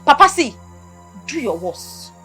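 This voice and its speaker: A woman's voice: high voice, big pitch swings, measured pace, pushed and bright, soft background music, heavily acted. An actress with a Nigerian accent playing a defiant young daughter who taunts her father in a film drama.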